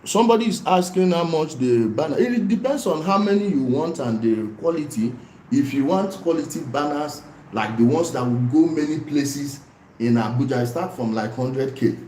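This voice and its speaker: A man with a Nigerian accent hosting a casual livestream, talking in an animated way and repeating himself for emphasis, with bits of pidgin mixed in. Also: fairly high pitch, reverberant, a little hiss or hum, poor audio. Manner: animated, repetitive and pleading, mixing in pidgin. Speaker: YouTube livestream host.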